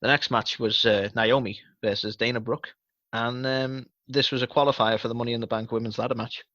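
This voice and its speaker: A man's voice: mid-range voice, steady tone, brisk, sharp tone, no echo, dull audio. A man co-hosting a wrestling podcast, chatting casually with rambling sarcastic asides and plenty of swearing. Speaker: podcast co-host.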